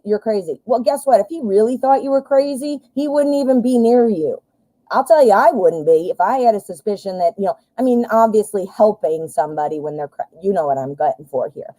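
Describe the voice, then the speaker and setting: A woman hosting a live tarot reading, chatty and excitable, who blurts out exclamations. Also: mid-range voice, a little fast, dry recording, poor audio.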